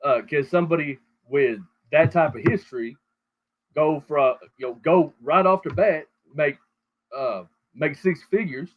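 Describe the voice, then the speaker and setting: Heard through narrow, tinny call audio, a show host with a voice on the high side goes on a crude, rambling rant full of heavy swearing.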